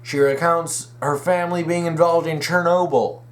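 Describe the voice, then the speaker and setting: A young man's voice, on the high side with fairly even intonation, moves at normal speed as he hosts a casual fan commentary video. He rambles, starts sentences over and corrects himself, eager and full of opinions.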